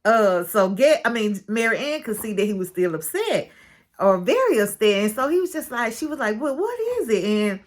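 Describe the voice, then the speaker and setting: A woman casually recapping a show's episode, chatty and expressive, acting out what each person said. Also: mid-range voice, normal speed. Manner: chatty and expressive, calls listener "baby"; retells scenes with quoted dialogue. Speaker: show recap reviewer.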